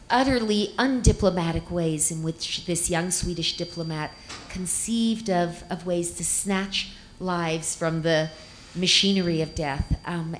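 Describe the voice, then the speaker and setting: A middle-aged woman with a lowish voice speaks at a conference in a measured, earnest way, leaning on key words. Faint room noise sits under her voice. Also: a little mellow, poor audio. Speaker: conference panelist. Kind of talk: conference speech.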